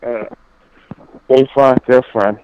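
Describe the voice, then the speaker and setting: A male caller, halting and repeating himself, on a phone line. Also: mid-range voice, steady tone, darkish tone, clean tone, dry recording. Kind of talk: casual phone call. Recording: tinny, noisy phone line.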